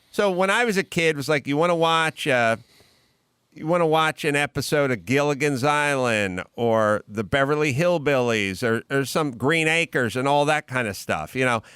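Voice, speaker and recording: Male podcast host, animated storyteller, voice a touch high and resonant, dry sound. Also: clear, resonant tone, no echo. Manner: animated, acts out characters in anecdotes. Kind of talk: casual comedic storytelling.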